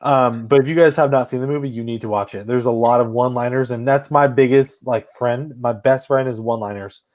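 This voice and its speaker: A man's voice: mid-range voice, fairly quick, no room sound. A man hosting a casual podcast chat, telling funny stories with lots of laughter and swearing. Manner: animated storyteller, swears and laughs often. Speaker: podcast host.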